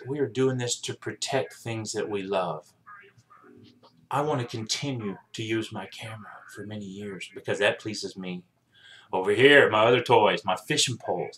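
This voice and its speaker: Man in his forties, earnest, heartfelt, personal video message at home, mid-pitched voice. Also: fairly bright tone. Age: 40s. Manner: earnest, heartfelt, pleading with loved ones. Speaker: vlogger sharing a diet journey.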